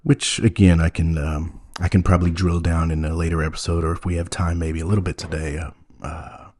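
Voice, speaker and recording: A man with a low, mellow voice and a husky edge tells a comedy story in a deadpan, wide-eyed way. He halts often, filling gaps with ums and you-knows as he plays it earnest. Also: fairly quick. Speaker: podcast host playing a naive character.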